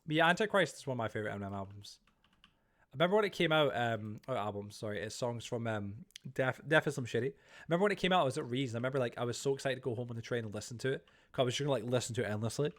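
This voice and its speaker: A man livestreams while gaming, rambling casually to his viewers in an expressive, medium-pitched, slightly bright voice at rapid-fire speed. He startles easily as he plays.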